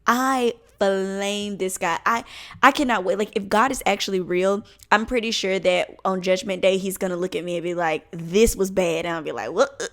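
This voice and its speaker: A woman in her twenties spins a storytime for her vlog in a lively, comic way, swearing freely. Her voice sits at a middle pitch, and her delivery is animated and expressive. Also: moderate pace. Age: 20s. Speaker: vlogger.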